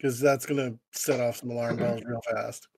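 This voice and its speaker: A man's voice: mid-range voice, flat delivery, normal speed, slightly rough. A man chatting easygoingly on a video call, thinking aloud. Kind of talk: casual chat between game sessions. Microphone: video call mic.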